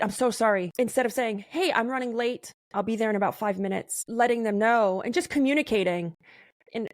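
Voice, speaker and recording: A woman hosting a conversational podcast interview, talking in an animated, emphatic way. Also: on the high side, no room sound, studio quality.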